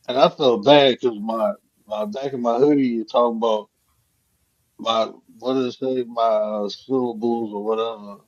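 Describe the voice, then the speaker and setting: A man hosting a casual live chat, telling a profane, animated story. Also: mid-range voice, normal speed. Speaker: host. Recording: dull lo-fi stream audio.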